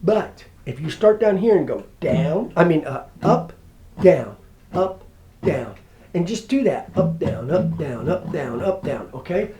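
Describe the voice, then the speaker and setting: A man's voice: fairly high pitch, sing-song, measured pace, dark tone. A middle-aged man giving a casual guitar lesson at home, chatting and rambling in a folksy way. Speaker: guitar teacher. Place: home room. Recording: roomy home recording with guitar. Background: acoustic guitar strumming.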